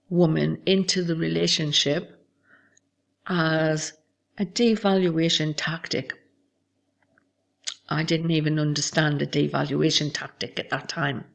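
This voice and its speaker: A woman hosting a show, reading aloud from her memoir in a measured, somber way. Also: low-pitched, vocal fry. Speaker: host.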